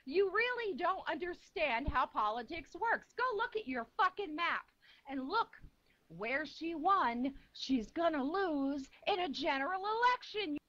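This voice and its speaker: A woman's voice: high-pitched, lively intonation, measured pace, sharp tone. A woman in a heated, profane political rant, firing off rhetorical questions at her listener. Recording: dull lo-fi recording.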